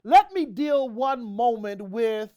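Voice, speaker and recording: Woman, host, motivational business talk, emphatic, preacher-like repeats, slightly high voice. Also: animated, slow, warm tone.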